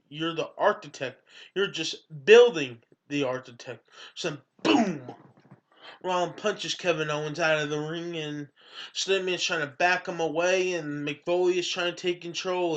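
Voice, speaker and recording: Bright-voiced young man recapping wrestling. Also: a little high. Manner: rambling, hypes openings, retells quotes. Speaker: wrestling show reviewer. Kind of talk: casual recap.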